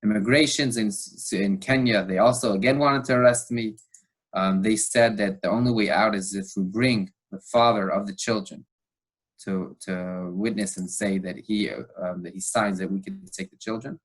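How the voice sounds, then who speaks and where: A man from the United States, a podcast guest, retelling a tense story with animated delivery and fillers. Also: fairly low pitch, moderate pace, husky. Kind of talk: storytelling interview.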